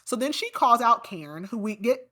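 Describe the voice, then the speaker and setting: A woman's voice: fairly high pitch, big pitch swings, normal speed, pushed and bright. A woman hosting a podcast, recapping a book in a casual, chatty way, full of "like" and indignant asides about the characters. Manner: chatty, peppered with "like". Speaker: podcast host.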